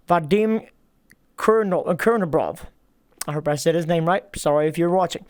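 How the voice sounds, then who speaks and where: Podcast host with a high voice who reads with hard rolled R's, recorded close and dry. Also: male voice, moderate pace, dry recording. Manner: giggly, rolls his R's hard when reading. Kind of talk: casual podcast chat and reading.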